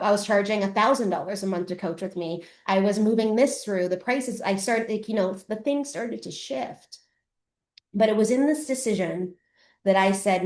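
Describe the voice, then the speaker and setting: A middle-aged woman from Canada hosts a live masterclass and tells her story with blunt, profane candor. She keeps her voice at an ordinary middle pitch. The sound has a roomy echo around it. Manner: candid, swears freely, acts out past selves. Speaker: podcast host and coach. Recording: echoey room.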